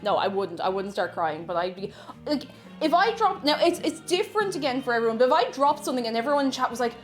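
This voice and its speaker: A woman's voice: on the high side, animated, quick pace, faint music behind. Chatty young Irish woman streamer. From Ireland. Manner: chatty, giggly, reads chat aloud and jokes along. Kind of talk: casual live-stream chat while baking.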